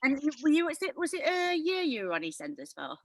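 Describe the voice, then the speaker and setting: A woman's voice: high voice, sing-song, quick pace, background noise. A young woman hosting a casual live stream over a video call, bubbly, giggly and self-deprecating.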